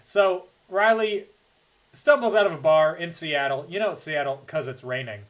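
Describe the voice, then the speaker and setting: A man co-hosting a podcast in casual chat, joking and animated as he recaps a film. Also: fairly high pitch, normal speed, rough recording. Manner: animated, joking, drops into mock voices. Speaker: podcast co-host.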